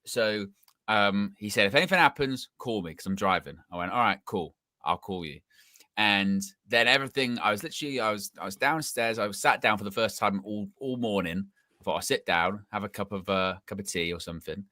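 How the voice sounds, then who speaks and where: A man's voice: lowish voice, a little fast, sharp tone, no echo, studio quality. A young man co-hosting a casual football chat, telling stories with lots of restarts. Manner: chatty storyteller, repeats and restarts. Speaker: co-host.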